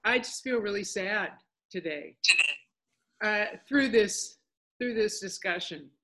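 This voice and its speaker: A woman speaks slowly, sounding subdued and halting. She stops and starts as she shares on a casual group call. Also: mid-range voice, animated, fairly bright tone, poor audio. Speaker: participant.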